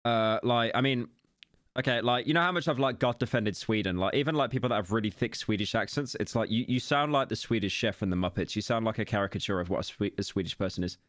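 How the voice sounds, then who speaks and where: A man's voice: fairly low pitch, quick pace, a bit bright, no room sound, studio quality. A young British man rambling casually while reacting to a video on a live stream. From Britain. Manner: rambling, self-interrupting banter.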